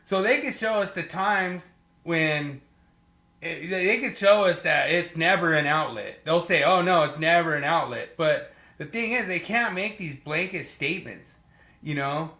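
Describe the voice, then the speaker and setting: A man's voice: fairly high pitch, expressive, measured pace, pushed and bright, roomy sound. A man hosting a podcast, chatting casually and animatedly, laughing as he tells stories from field work. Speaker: podcast host.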